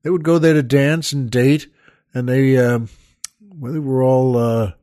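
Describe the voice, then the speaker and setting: A male comedian hosting his show, telling a rambling, halting story full of fillers, restarts and chuckling asides. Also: mid-range voice, steady tone, dark tone, no room sound, clean studio sound. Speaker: comedian host. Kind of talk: rambling comic storytelling monologue.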